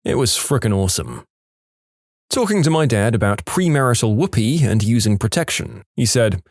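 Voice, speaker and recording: A man narrating funny reddit stories in an expressive, storytelling way. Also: lowish voice, brisk, dry recording, clean studio sound.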